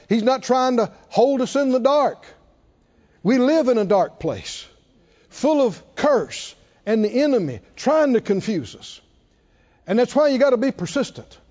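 A preacher with a high, very animated voice stresses individual words, repeating them as his pitch leaps and falls away. He speaks at a measured, unhurried pace in a mellow, dark tone, recorded dull and lo-fi with long hall reverb.

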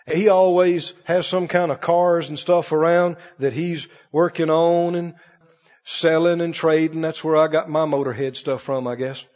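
A man's voice: a little high, a little mellow. A man preaching a sermon, telling stories and swinging his voice up and down for emphasis. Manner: storytelling preacher, rising and dropping emphatically. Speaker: pastor. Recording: dull lo-fi recording in a reverberant hall.

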